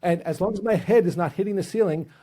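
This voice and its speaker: Brief: male interview host, high and mellow voice, humorous storytelling. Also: quick pace, slightly rough. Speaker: podcast host. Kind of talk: casual interview chat.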